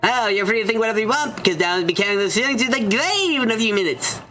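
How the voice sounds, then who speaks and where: A man's voice: sits high, animated, fast, bright, forceful tone, soft background music, voice pushed up. A man voicing a greedy, shameless male cult leader in a video game playthrough, with a smug, sneering delivery.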